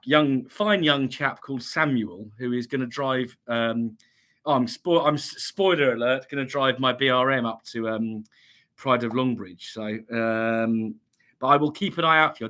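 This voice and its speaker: Bright and forceful in tone, this medium-pitched English streamer talks at a moderate pace on his casual livestream. He reads out chat messages and replies with plenty of ums and restarts, still carrying a slight cough as he recovers from being ill.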